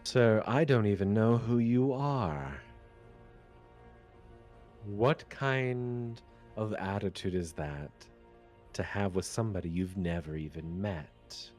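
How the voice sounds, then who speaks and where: Snooty impatient guild guy talking down to people, lowish and slow, a man voicing him. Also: a little mellow, faint music behind. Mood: indignant. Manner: haughty, impatient. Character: curt dismissive man in a guild, aloof. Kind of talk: tabletop game role-play.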